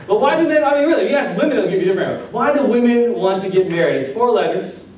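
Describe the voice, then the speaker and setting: Racing along in a high, slightly mellow voice with lively intonation, a pastor gives a conversational sermon full of jokes and questions for his congregation. The echoey sanctuary was recorded from a distance.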